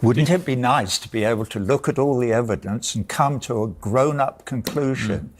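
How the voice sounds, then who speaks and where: A man's voice: medium pitch, normal speed. An older man arguing heatedly as a guest, insistent and talking over interruptions. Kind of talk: heated debate.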